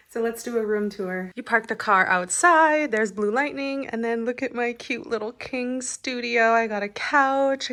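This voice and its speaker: A woman's voice: medium pitch, fairly bright tone, a little hiss or hum, low-quality recording. A woman with a North American accent, narrating her solo travel vlog in a bubbly, gushing way, filmed on a handheld camera outdoors and in a motel room. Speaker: travel vlogger.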